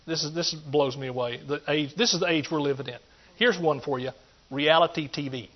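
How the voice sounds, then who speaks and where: In a dull, lo-fi recording, a middle-aged preacher with a slightly high voice speaks briskly. His folksy sermon moves from forceful declarations to soft asides, and he addresses his audience directly.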